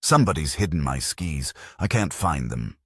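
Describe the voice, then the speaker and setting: A man's voice: very deep voice, very animated, normal speed, a bit bright, slightly rough, no room sound, clean studio sound, full character voice. A man voicing a deranged young man who talks in a childlike, unhinged way. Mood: gleeful.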